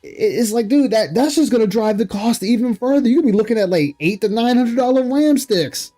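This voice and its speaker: A man's voice: extremely high pitch, lively intonation, brisk, warm tone, soft background music. A man hosting a livestream, reacting to an interview and greeting chat, rambling and incredulous with frequent laughs. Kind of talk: casual commentary reading chat.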